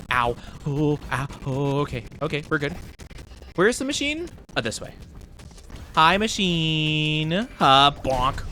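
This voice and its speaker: Bubbly high-voiced man streaming a game. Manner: bubbly and excitable, giggly, rambling with many fillers. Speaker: VTuber streamer. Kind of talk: casual live gameplay commentary.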